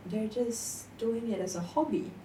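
A young woman in casual conversation, telling an animated story about competitive gaming and laughing often. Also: on the high side, a little slow. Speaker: guest. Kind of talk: casual chat. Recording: echoey room, distant mic, faint noise.

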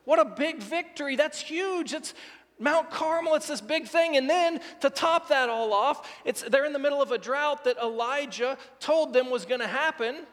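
A man's voice: extremely high pitch, moderate pace, a bit bright. A man preaching a sermon as a pastor, retelling a scripture story vividly with quoted dialogue. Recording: long reverb of a large hall.

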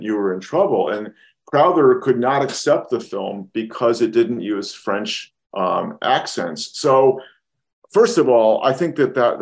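Man, lowish voice, podcast co-host, casual film talk, thoughtful, restarts sentences. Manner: thoughtful, builds arguments with restarts.

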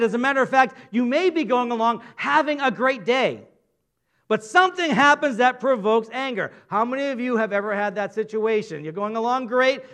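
Speaking at an extremely high pitch with a somewhat bright tone, a preacher keeps his sermon light and chatty. He frequently puts questions to the people listening.

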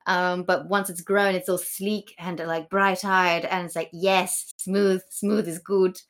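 Woman, podcast co-host, giggly, rambling, slow-paced. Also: lowish voice, level tone. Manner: giggly, rambling, many fillers. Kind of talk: casual comedic chat about Shakespeare.

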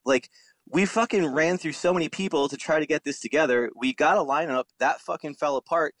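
A man's voice: a little high, brisk, a bit bright, no echo. A man in his thirties from the Philadelphia area, talking casually and profanely, rambling with a lot of "like". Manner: profane, rambling, heavy use of "like". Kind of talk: casual chat.

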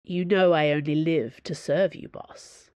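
A woman's voice: low voice, steady tone, unhurried, a little mellow, dry recording, dull audio. A woman voicing a foppish aristocratic male space musketeer with a cut-glass, posh way of speaking and exaggerated manners, in audiobook narration. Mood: languid.

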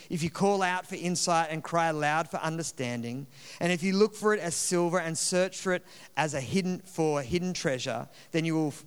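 A man's voice: on the high side, clear, resonant tone. A man preaching a sermon as a location pastor, chatty and joking, often restarting his phrases. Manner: chatty and humorous, with many restarts. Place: church auditorium. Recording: long reverb in a large hall.

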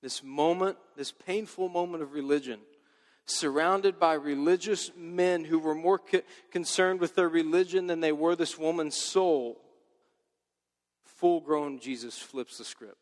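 A male pastor preaching a sermon in a casual, joking, lively way. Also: fairly high pitch, unhurried, in a large hall.

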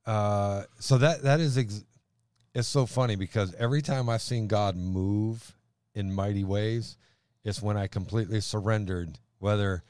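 A man's voice: fairly low pitch, a little slow, a little mellow, no echo, clean studio sound. A man in his forties who co-hosts a podcast and tells personal stories in an easygoing way, laughing often. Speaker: podcast co-host and minister. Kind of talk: casual conversation.

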